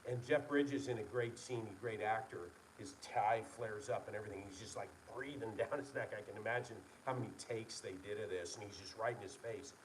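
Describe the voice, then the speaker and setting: A man's voice: lowish voice, fairly quick, few pauses, far from the mic, slight background noise, rough recording. A man, a licensed engineer, talking casually and earnestly to an online meeting, rambling and correcting himself as he goes. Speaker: licensed engineer presenting to his company's followers.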